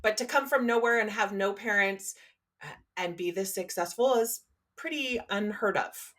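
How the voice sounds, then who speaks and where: Woman, podcast co-host, casual book chat, halting, many restarts and fillers. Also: mid-range voice, fairly bright tone.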